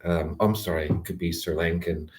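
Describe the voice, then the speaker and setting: A man's voice: deep voice, steady tone, normal speed, a little mellow. A man from Canada, ranting to the camera in a rambling, sarcastic way, breaking off and restarting his thoughts. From Calgary, Canada. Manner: rambling, sarcastic, self-interrupting with fillers. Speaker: vlogger. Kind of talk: rambling direct-to-camera rant.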